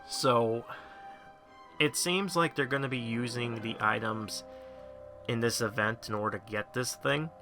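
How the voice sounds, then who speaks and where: A man's voice: medium pitch, measured pace, long pauses, sharp tone, soft background music. A man hosting a gaming channel, giving a chatty, rambling walkthrough of a mobile game's crafting and thinking aloud as he goes. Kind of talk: casual game guide commentary.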